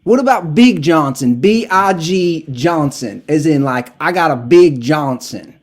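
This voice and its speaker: A man's voice: fairly high pitch, lively intonation, a little slow, pitched above the performer's own voice. A man putting on a confused, crude caller with an exaggerated Southern accent for a prank phone call. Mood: baffled.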